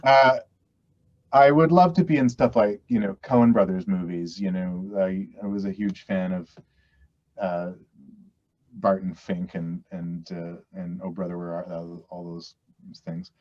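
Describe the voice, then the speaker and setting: A man's voice: low-pitched, fairly even intonation, unhurried, darkish tone. Rambling Canadian man, dull lo-fi audio. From West Coast Canada. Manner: rambling, self-deprecating, frequent restarts. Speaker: actor guest. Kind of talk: casual interview chat.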